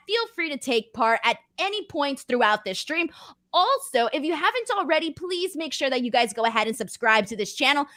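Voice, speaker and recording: A woman's voice: sits high, fairly bright tone, dry recording, studio quality. A woman hosting a casual live stream, chatty and upbeat, laughing easily. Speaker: host.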